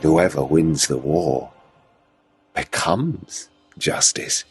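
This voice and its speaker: An actor playing a menacing, flamboyant male pirate villain who speaks in a slow, mocking, gloating way. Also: rumbling low, animated, soft background music, heavily acted.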